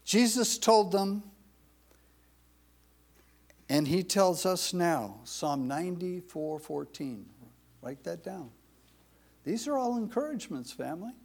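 A man's voice: sits high, big pitch swings, takes it slowly, vocal fry, long pauses, a little mellow. A man preaching a sermon, reading scripture aloud and repeating phrases for emphasis. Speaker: pastor.

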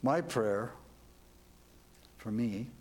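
A man's voice: mid-range voice, drawn-out words. A man telling a devotional story as a sermon, earnest and reflective, ending with questions to his listeners. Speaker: preacher.

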